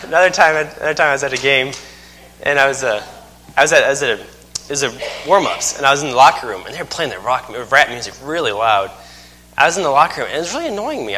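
A man's voice: mid-range voice, pushed and bright, slight background noise. A man in his thirties preaching a sermon, telling folksy stories with self-mocking humor. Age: 30s. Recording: long hall reverb.

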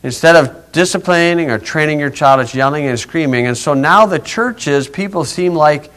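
Brief: male pastor, relaxed folksy Bible teaching, chuckles, rambling asides. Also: a little high, moderate pace, few pauses.

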